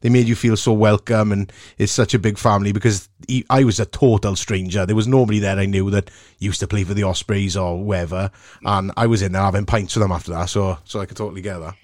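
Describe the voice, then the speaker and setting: A Welsh man telling a cheeky anecdote in a casual chat, animated and chatty. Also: on the low side, fast talker, no room sound, clean studio sound. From Wales.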